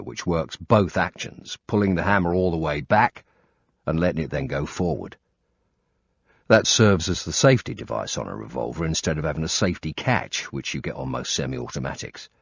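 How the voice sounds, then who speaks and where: A man reading a first-person thriller audiobook in a tense, measured way. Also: sits low, breathy edge, no room sound. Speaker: audiobook narrator. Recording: dull lo-fi recording.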